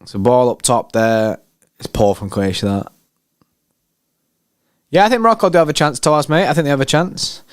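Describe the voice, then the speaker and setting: A man's voice: medium pitch, normal speed, pauses often, dry recording. Brief: male fan-channel host, hyped slangy watchalong banter, resonant voice, dry close sound. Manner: excitable, slangy, banter with chat. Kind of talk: live match watchalong commentary.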